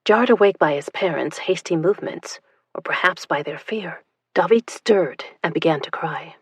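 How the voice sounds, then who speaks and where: A woman narrating an audiobook in a tense, hushed storytelling manner. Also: on the low side, normal speed, slightly rough, dry recording.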